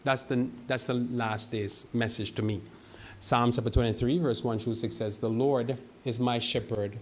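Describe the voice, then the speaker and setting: A man's voice: mid-range voice, fairly even intonation, slight background noise. Man preaching with rhetorical questions. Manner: preaches with rhetorical questions and slow scripture quoting; repeats and restarts words. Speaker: pastor. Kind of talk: sermon.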